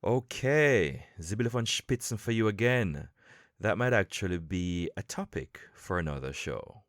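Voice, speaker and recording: A man hosting a podcast lesson for English learners, explaining in a calm, measured way with emphatic pauses. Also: low voice, dry recording, clean studio sound. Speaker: podcast host and English coach.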